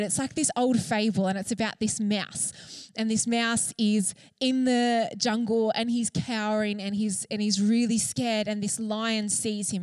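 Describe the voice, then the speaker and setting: A woman's voice: a little high, no room sound. A young woman giving an earnest, enthusiastic sermon, talking loosely with fillers. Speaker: church speaker.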